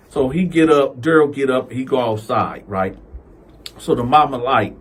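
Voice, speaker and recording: A man hosting a casual storytime, telling a story in an animated, slangy way and acting out the characters. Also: medium pitch, normal speed, slightly rough. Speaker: storyteller host.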